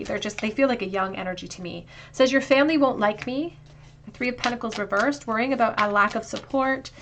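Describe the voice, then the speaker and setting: A woman doing a pick-a-card tarot reading to camera, talking in a flowing, reflective way and going softer as she pulls cards. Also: medium pitch, a little hiss or hum. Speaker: tarot reader.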